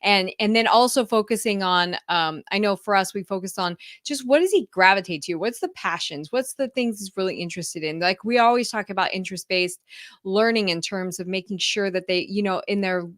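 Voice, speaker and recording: A woman's voice: mid-range voice, a little fast, a bit bright, no room sound, studio quality. A woman hosting a podcast, chatting casually, laughing easily and asking follow-up questions. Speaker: podcast host.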